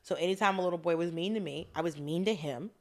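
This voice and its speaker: A woman's voice: on the low side, fast, a little mellow. A woman co-hosting a podcast, chatting casually and acting out drama scenes in quoted voices. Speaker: podcast co-host. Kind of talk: casual chat recapping a drama.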